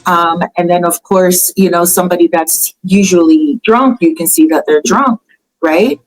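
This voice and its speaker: A woman hosting a casual celebrity gossip chat, talking in a chatty, animated way with fillers and laughter. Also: fairly low pitch, normal speed, poor audio. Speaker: host.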